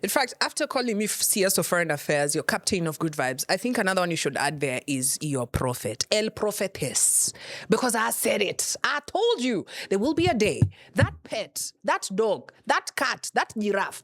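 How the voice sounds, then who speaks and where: A woman's voice: mid-range voice, animated, normal speed, fairly bright tone, no room sound. A young Kenyan woman hosting a comedy show, teasing and laughing often as she jokes. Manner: playful, teasing, laughs often, mixes in Swahili. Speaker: host. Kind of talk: comedic monologue.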